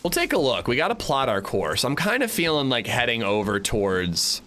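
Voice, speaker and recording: Male game streamer, casual chatter with viewers, lively pitch. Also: normal speed, a little hiss or hum. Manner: chatty, reads and answers chat. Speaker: gaming livestreamer. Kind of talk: casual gameplay commentary.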